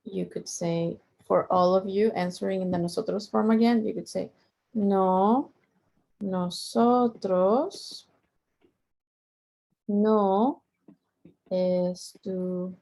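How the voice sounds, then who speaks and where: A woman's voice: medium pitch, fairly even intonation, normal speed, creaky, a little mellow. A middle-aged woman teaching a Spanish lesson, patiently repeating each point and drawing out the example words. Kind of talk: language lesson.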